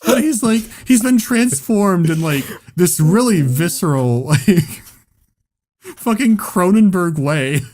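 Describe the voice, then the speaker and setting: A man telling a story in casual chat. He is animated and swears often, and he laughs at his own story. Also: high voice, slow pace. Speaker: podcast host.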